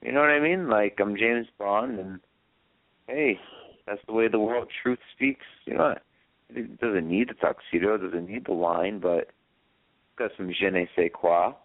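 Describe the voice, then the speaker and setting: Rambling low-voiced man on a phone line. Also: measured pace, no echo. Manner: rambling anecdotes, many fillers and restarts. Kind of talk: casual chat on a call-in radio show. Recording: dry phone-line audio.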